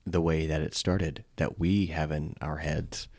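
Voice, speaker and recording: A man's voice: extremely low pitch, level tone, a little slow, gravelly, darkish tone, dry recording, clean studio sound. A man co-hosting a podcast in casual chat, laid-back, swearing now and then and restarting his words. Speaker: podcast co-host.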